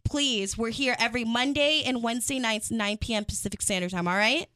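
Brash, high-voiced woman radio host. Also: fairly quick, bright, forceful tone, clear, resonant tone. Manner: brash, profane, laughing. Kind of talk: casual chat.

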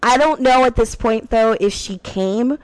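A woman's voice: fairly high pitch, unhurried, darkish tone, low-quality recording. Woman, radio show host, brash, profane, frank sex talk, storytelling monologue.

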